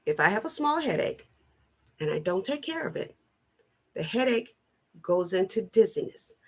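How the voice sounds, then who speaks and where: A middle-aged woman giving a personal motivational talk, slow, earnest and deliberate, often repeating her phrasing. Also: mid-range voice, big pitch swings, darkish tone, husky. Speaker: wellness vlogger.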